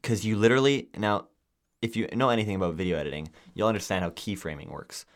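Young man, lowish voice, casual podcast chat, animated storyteller, lots of "like". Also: quick pace. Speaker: podcast co-host.

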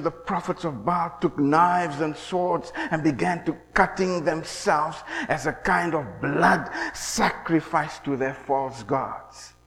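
Male preacher, high voice, dramatic sermon, long hall reverb. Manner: dramatic, swings from shouting to hushed murmur. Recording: echoey hall.

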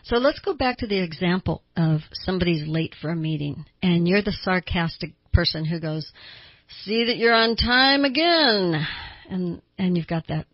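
A middle-aged woman therapist hosting an advice show, talking in a conversational, emphatic way with lively asides. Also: lowish voice, normal speed, few pauses, slightly rough, no room sound, highs cut off. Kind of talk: advice talk show monologue.

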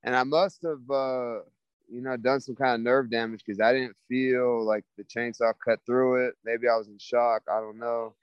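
A man's voice: mid-range voice, clean tone, no echo, low-quality recording. A laid-back young man telling a story in a casual interview, rambling with lots of fillers. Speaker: guest, former football player.

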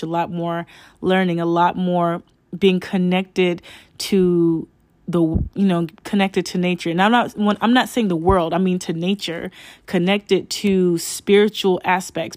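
A woman's voice: lowish voice, no echo. A young woman hosting a casual spiritual podcast, rambling with many fillers and restarts and calling her listeners "y'all". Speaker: podcast host.

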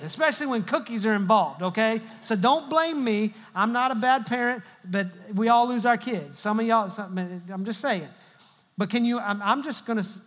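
A middle-aged male pastor with a high, fairly bright voice delivers a humorous sermon, telling stories and joking with the congregation. He's in a large church hall, and the recording carries a long hall reverb.

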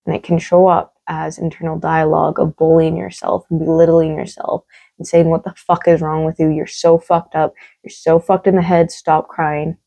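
Woman podcast host with a low, fry-edged mellow voice; frank, emphatic solo talk with freely dropped swear words. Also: low-quality recording.

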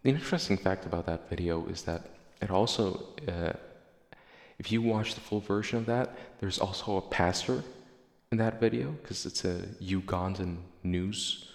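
Deep gravelly man in an echoey room. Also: moderate pace. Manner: profane, sarcastic, rambling. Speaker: podcast host. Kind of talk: casual chat reading listener replies. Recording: echoey room with long reverb.

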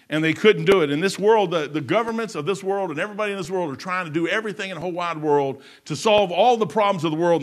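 This is a sermon from a man whose plainspoken, insistent delivery shifts from shouted peaks to hushed, low-voiced moments.

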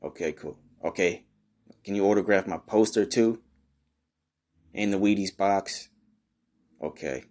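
Man, very low voice, brash, profane, slangy, improvised comedy podcast monologue. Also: unhurried, long pauses, darkish tone. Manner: brash, profane and slangy, arguing with an unheard partner. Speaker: comedy podcast host in character.

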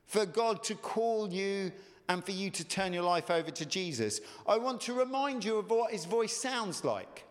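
A man delivers a sermon in an earnest, conversational way, pressing his listeners with question after question. His voice sits high and swings widely up and down. The sound carries a long reverb, like a church hall. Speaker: pastor.

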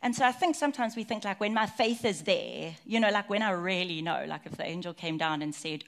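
A woman's voice: medium pitch, a little fast, hardly any pauses. A woman, preaching a sermon in a chatty, personal way and telling stories with many asides.

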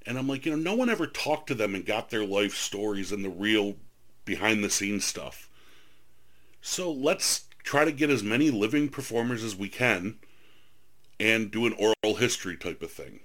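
Low, bright-voiced male host. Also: lively intonation, moderate pace. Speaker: host, historian and author. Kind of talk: casual interview chat.

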